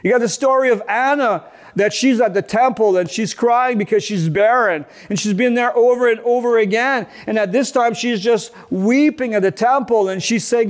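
Middle-aged man, pastor, high-pitched, earnest sermon delivery with frequent restarts. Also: moderate pace. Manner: earnest, repeats and restarts words while preaching.

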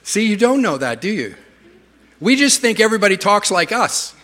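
A man's voice: sits high, moderate pace, big-room sound. A middle-aged Canadian man preaching a sermon in a church, telling funny stories. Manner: humorous storytelling, lively. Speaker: pastor.

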